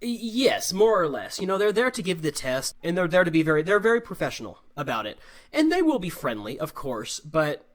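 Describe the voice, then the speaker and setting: Brief: American male English teacher, slightly higher voice, patient explainer, video-call Q&A. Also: sing-song, brisk. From United States. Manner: explains patiently, often checks in with "right?". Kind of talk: live online Q&A lesson.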